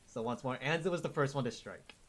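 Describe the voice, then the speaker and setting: A man narrating a tabletop game as dungeon master, slow and hesitant with restarts. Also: medium pitch, a bit bright, slight background noise.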